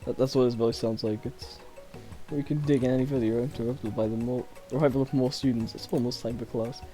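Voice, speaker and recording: A man's voice: medium pitch, fairly even intonation, brisk, warm tone, faint music behind. A man streaming a dating game, reading its text aloud with playful, laughing, joking asides.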